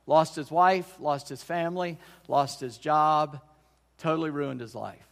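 A man's voice: a little high, unhurried, vocal fry. A middle-aged man preaching a sermon as pastor, folksy and conversational, often restarting his sentences. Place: church sanctuary. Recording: long church hall reverb.

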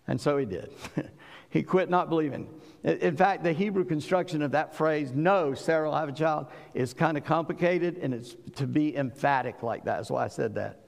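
Emphatic preacher in a reverberant hall. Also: male voice, on the high side, moderate pace, vocal fry. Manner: emphatic preaching, acts out voices from scripture. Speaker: pastor. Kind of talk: sermon.

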